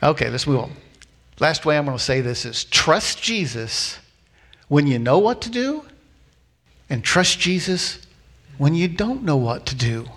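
A man preaching a sermon as a pastor, telling a story with lively acted-out voices and repeating key lines slowly for emphasis. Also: fairly high pitch. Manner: animated storytelling, acting out voices of people in the story.

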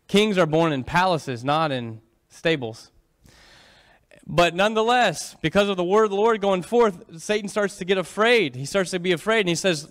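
A man's voice: on the high side, moderate pace, fairly bright tone. A man preaching a sermon, retelling scripture dramatically and questioning his congregation.

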